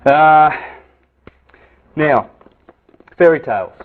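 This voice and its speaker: A man giving an esoteric lecture with visual aids, lively and full of rhetorical questions and repeated phrases. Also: on the high side, drawn-out words. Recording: tinny phone-like lecture recording.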